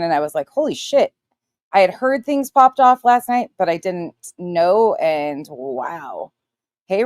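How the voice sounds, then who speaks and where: A woman's voice: medium pitch, darkish tone, no room sound, clean studio sound. A woman in her forties hosting a casual livestream, greeting viewers one by one by their chat names and speaking bluntly with plenty of swearing. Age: 40s. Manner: blunt, profane and defiant. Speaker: livestream host.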